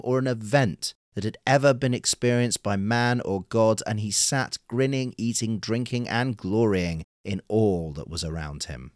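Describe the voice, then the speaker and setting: A man narrating a folktale in a measured, unhurried storytelling manner. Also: lowish voice, dry recording, clean studio sound.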